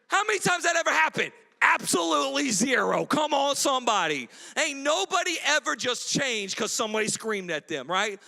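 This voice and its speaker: A man preaching a sermon as pastor, animated, mimicking quarrels in a shrill voice. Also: gravelly, long reverb tail. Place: church hall.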